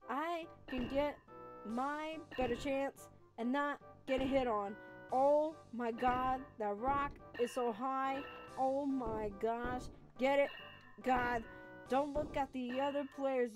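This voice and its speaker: A woman streaming a video game live, reacting aloud to the play and chatting with her viewers. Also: sits high. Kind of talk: live gaming stream chat.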